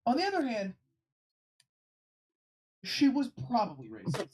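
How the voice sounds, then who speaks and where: Animated, swearing man telling a story. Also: extremely high pitch, unhurried. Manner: animated and profane. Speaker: streamer. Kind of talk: casual storytelling.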